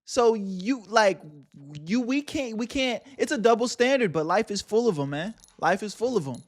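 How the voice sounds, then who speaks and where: A man's voice: high voice, lively intonation, moderate pace. A man reacting live on a stream, talking emphatically in casual slang.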